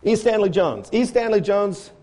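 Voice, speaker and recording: A man with a notably high voice delivers a sermon. He presses his listeners with rhetorical questions, rising to loud appeals and then dropping to quiet, low asides. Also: animated, normal speed. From grew up on a farm. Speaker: preacher.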